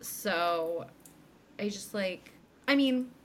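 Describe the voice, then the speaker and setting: Young woman, podcast co-host, casual recap, acts out lines, mid pitch, faint background hiss. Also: drawn-out words. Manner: animated retelling, acts out characters' lines. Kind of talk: casual chat.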